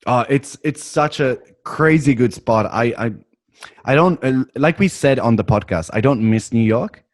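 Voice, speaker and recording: A man's voice: medium pitch, normal speed, dry recording, studio quality. A man hosting a podcast in casual chat, enthusiastic and laughing often. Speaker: podcast host.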